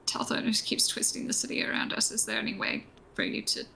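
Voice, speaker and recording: A woman's voice: fast, pushed and bright, in a whisper, rough recording. A woman playing in a tabletop game, asking hesitant questions in character. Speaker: player. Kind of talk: tabletop role-play chat.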